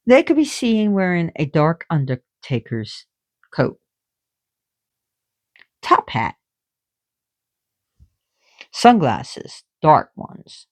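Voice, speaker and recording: A woman explaining spiritual lore in casual talk, excitable and giggly, jumping between soft whispers and loud bursts. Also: sits low, drawn-out words, long pauses, dry recording.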